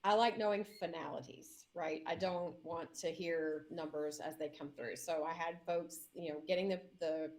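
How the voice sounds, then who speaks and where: Animated woman mayor telling a story. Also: low voice, normal speed, few pauses. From Indiana. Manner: animated storyteller, acts out voices in shrieks and laughter. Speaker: mayor, guest. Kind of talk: casual interview storytelling.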